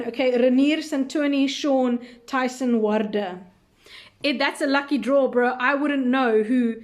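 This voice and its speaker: Female host, a touch high-pitched, casual live Q&A, rambling and unsure. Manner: thinking aloud, many fillers, unsure and chatty. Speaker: recap show host answering viewer questions.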